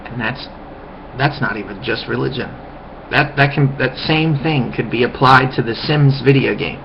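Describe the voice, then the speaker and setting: A man's voice: mid-range voice, normal speed, gravelly, noisy background. Man ranting profanely into a webcam. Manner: profane, heated, repetitive. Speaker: vlogger. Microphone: webcam mic. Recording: muffled lo-fi webcam audio.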